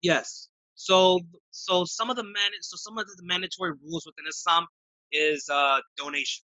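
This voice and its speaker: A man answering interview questions in a casual, halting way, often restarting his sentences. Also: high-pitched, fairly even intonation, sharp tone, no room sound, low-quality recording. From United States. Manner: halting, many restarts and fillers. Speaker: interview guest.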